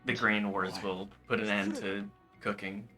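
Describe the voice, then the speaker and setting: A man's voice: on the low side, level tone, unhurried, over music. A man streaming a game, chatting casually and joking with friends, swearing now and then. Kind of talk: casual gaming chat.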